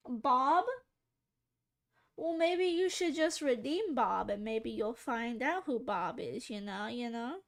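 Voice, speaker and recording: A woman's voice: fairly high pitch, animated, slow pace. A woman streaming as she draws, chatting with viewers in a giggly, rambling way and trying out silly voices. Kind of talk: casual live-stream chat while drawing.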